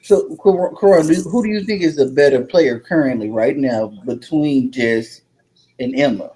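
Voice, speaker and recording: A man co-hosting a casual podcast, throwing in quick jokes during a live match. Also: medium pitch, warm tone, low-quality recording. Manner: joking, quick quips. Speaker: podcast co-host. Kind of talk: casual live watch-along chat.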